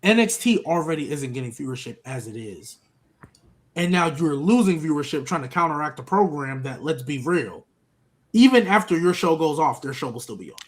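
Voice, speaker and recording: A man co-hosting a podcast in casual, animated, joking chat over a remote call. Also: fairly high pitch, normal speed. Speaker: podcast co-host.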